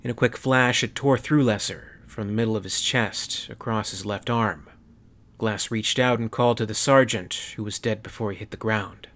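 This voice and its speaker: A man with a lowish, fairly bright voice at normal speed reads a sci-fi fan fiction story as an audiobook. He narrates dramatically, voicing every character.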